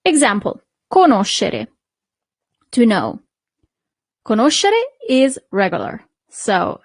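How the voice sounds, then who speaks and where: Slow, patient woman teacher. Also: on the high side, big pitch swings, husky, no echo. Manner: patient, repeats each word, checks with "okay?". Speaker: Italian language teacher. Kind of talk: slow, clear language lesson.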